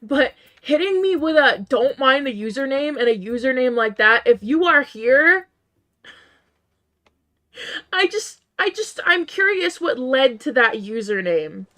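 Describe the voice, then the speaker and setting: Here a female streamer is losing her game, and her voice comes out worn and strained as she chats casually with viewers mid-play. Responding to chat, she frequently bursts into high, unbelieving cries. She is very animated, speaks a little slowly, and has a fairly bright tone.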